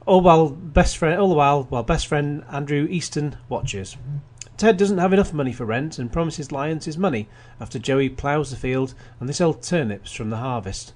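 Chatty radio host. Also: male voice, fairly high pitch, moderate pace, few pauses, darkish tone. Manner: chatty, wry asides, frequent restarts. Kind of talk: casual radio film review.

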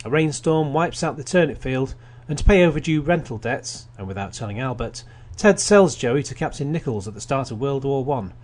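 Chatty radio host. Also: male voice, medium pitch, expressive, moderate pace, few pauses, a little mellow. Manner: chatty, wry asides, frequent restarts. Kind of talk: casual radio film review.

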